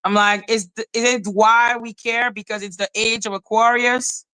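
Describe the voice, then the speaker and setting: A woman hosting a live podcast, ranting in an animated, profane way and laughing often. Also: a little high, moderate pace, clean tone, poor audio. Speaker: podcast host.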